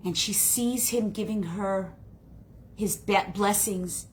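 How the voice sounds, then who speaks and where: A woman teacher telling a story in a class, dramatic and expressive. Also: mid-range voice, takes it slowly. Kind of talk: storytelling lesson.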